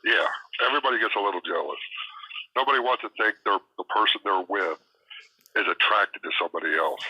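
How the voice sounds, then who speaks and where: A man on a voice call with a husky voice, teasing his friends and spinning dramatic little scenes. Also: fairly low pitch, fast, sharp tone, dry recording, rough recording. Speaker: friend on voice chat. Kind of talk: casual chat over voice call.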